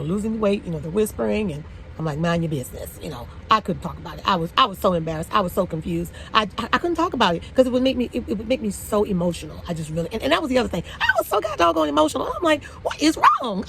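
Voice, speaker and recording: A woman's voice: medium pitch, vocal fry, slight background noise, poor audio. A woman in her forties, a hairstylist, telling a personal story conversationally with lots of fillers and emotional bursts. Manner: conversational, frequent "you know" fillers, emotional outbursts.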